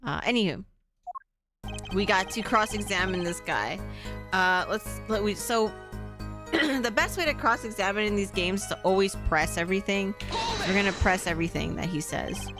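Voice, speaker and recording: A woman's voice: medium pitch, normal speed, music in the background. A woman streamer chatting casually through gameplay, laughing often and greeting her chat. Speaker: game streamer.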